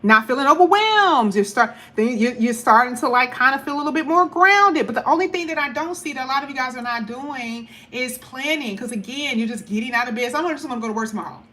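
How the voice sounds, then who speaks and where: A woman giving a casual tarot reading to camera, talking in a chatty, blunt way with animated asides. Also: high-pitched, quick pace, few pauses. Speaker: tarot reader.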